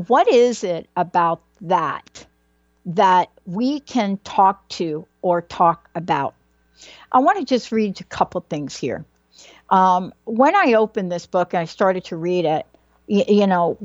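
A woman's voice: medium pitch, dry recording, dull audio. A woman giving a motivational talk about a book, emphatic and repetitive, building her points like a preacher. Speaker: speaker presenting a book.

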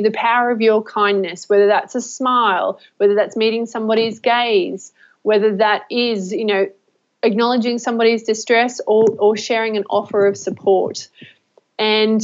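Woman vlogger, mid-pitched, heartfelt and halting, muffled lo-fi sound. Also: a little mellow. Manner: emotional, halting, many fillers and restarts. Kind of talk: heartfelt personal talk to camera. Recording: dull lo-fi recording.

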